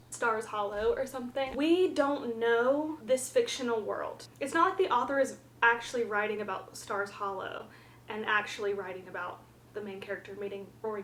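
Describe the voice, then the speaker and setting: Young woman from the South, casual book vlogger; frank and chatty with lots of fillers, a touch high-pitched, recorded in a roomy space with faint hiss. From Southern United States, the Carolinas. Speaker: book reviewer. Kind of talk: casual chat.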